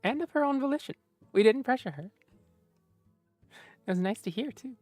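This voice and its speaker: A woman's voice: a little high, animated, normal speed, darkish tone, soft background music. A woman streamer chatting casually with her viewers, playful and teasing. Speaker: streamer reading chat. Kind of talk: casual livestream chat.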